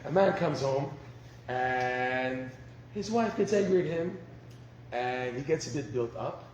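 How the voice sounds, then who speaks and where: Animated man teaching a class. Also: mid-range voice, slow. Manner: animated, acts out dialogue, laughs often. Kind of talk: lecture on marriage. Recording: roomy echo, faint background noise.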